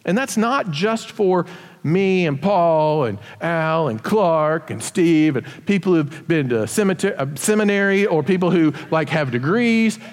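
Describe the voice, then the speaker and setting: A male pastor giving a sermon in a lively, conversational way, asking the congregation rhetorical questions. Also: on the high side, measured pace, big-room sound.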